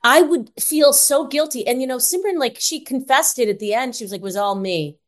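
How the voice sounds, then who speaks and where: A woman co-hosting a casual podcast, animated and chatty, full of "like" and "um". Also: high-pitched, fairly quick. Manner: animated, fillers like "like" and "um". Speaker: podcast co-host.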